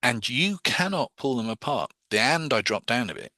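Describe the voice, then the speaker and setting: A man's voice: medium pitch, big pitch swings, a little fast, bright, forceful tone, no echo. A man teaching hypnosis, explaining his own wording step by step as he demonstrates the techniques.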